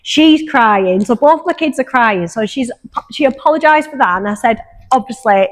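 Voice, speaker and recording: A woman's voice: high-pitched, normal speed. A woman co-hosting a podcast, chatting casually and telling stories with lots of laughter and acted-out quotes. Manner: animated, laughs often, acts out quotes. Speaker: podcast co-host. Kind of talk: casual chat, storytelling. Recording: room with long reverb.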